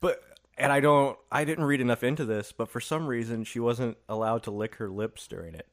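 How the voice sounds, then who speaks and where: A man's voice: mid-range voice, fairly quick. A man co-hosting a casual podcast chat, joking and teasing his co-host while tasting cookies. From Indiana. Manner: joking, teasing, laughs often. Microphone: headphones and studio mic.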